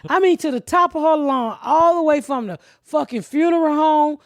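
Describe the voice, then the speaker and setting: A woman in her fifties, a podcast host, telling profane stories with loud laughter. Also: high-pitched, normal speed, no echo. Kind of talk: casual storytelling chat.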